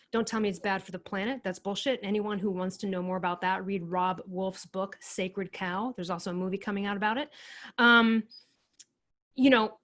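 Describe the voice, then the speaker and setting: A woman co-hosting a podcast, speaking her mind in an opinionated, ranting way in casual chat. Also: mid-range voice. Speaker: podcast co-host.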